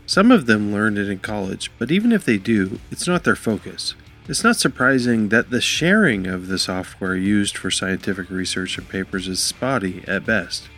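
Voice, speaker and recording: A man hosting a podcast about software testing and interviewing a guest in an upbeat way. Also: on the low side, expressive, normal speed, soft background music. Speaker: podcast host.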